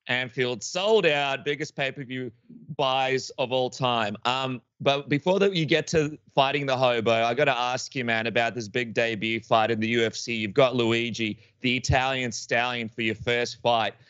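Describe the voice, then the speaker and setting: A man's voice: mid-range voice, steady tone, normal speed, fairly bright tone, smooth, no echo, dull audio. Upbeat male podcast co-host. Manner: upbeat and chatty. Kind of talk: interview questions and ad read.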